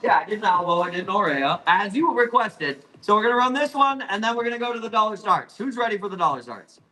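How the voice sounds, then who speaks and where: A man hosting a live plant auction, rambling, apologizing and swearing as he hurries through his sales pitch. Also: expressive, fast talker, sharp tone, soft background music, low-quality recording. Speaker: live-stream plant seller. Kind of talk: live auction selling chat.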